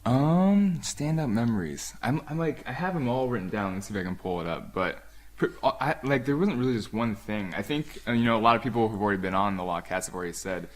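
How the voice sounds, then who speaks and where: A man's voice: mid-range voice, lively intonation, fast. A man guest on a podcast, chatting casually and enthusiastically, rambling with lots of fillers. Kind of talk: casual chat.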